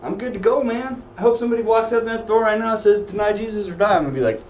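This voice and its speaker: This Sunday school teacher talks very fast in a high-pitched male voice with lively intonation and a darkish tone. He teaches a Bible class, cracking jokes and firing questions at students. The recording is distant and echoey in a church classroom, with a little hiss or hum.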